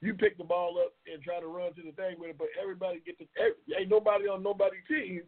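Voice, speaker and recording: A man's voice: high-pitched, fast. A man hosting a casual live-stream talk show in a loose, slangy, rambling manner, repeating his phrases. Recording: tinny phone-like line.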